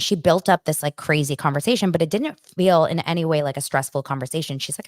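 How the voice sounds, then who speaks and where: A woman's voice: fairly low pitch, fairly quick, no room sound. Chatty woman host, dry close mic. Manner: animated storytelling, acting out quotes with filler "like". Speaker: pop culture show host. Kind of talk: casual chat recapping celebrity news.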